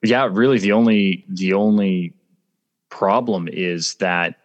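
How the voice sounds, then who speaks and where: A man's voice: low-pitched, slow, lo-fi sound. A man from Canada, an actor, chatting as a guest over a video call in a playful way, laughing and restarting often. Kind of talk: casual interview chat.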